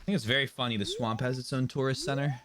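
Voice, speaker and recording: A man's voice: medium pitch, fairly even intonation, fast talker, noisy background. A man streaming a game, chatting offhand, muttering to himself and swearing now and then. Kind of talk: casual gameplay commentary. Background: game music.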